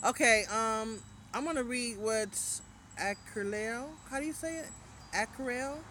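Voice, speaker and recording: A woman's voice: on the high side, a little slow, sharp tone, a little hiss or hum. A woman hosting a casual livestream, reading viewer comments and giving spiritual advice in a loose, rambling way. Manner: chatty and loose, trailing off and restarting. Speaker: livestream host.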